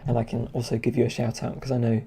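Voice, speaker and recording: A man's voice: medium pitch, completely flat delivery, quick pace, mellow, husky. A man chatting casually on a game dev live stream, rambling and hesitant with many fillers and chuckles.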